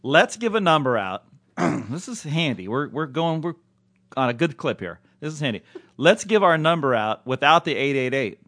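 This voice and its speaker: A man's voice: on the high side, big pitch swings, moderate pace, a bit bright. A man co-hosting a podcast in casual chat, playful and jokey, often breaking into laughter. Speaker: podcast co-host.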